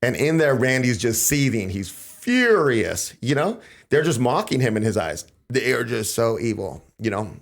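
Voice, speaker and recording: Man, podcast host, animated storytelling, casual chat. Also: moderate pace, gravelly, few pauses. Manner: animated, acts out quotes with raised pitch.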